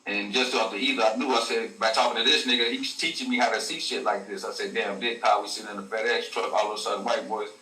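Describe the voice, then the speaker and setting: A man's voice: fairly low pitch, steady tone, fast, hardly any pauses, sharp tone. A man, a guest telling a story in casual slang, full of profanity and acted quotes. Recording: echoey room, a bit far from the mic.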